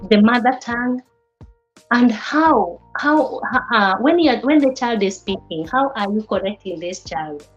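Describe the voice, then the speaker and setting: A woman lectures a class on child development in a halting way, repeating words and restarting her sentences as she goes. The recording sounds a little dull and lo-fi. Faint music plays underneath. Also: a little high, animated. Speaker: teacher of early childhood development.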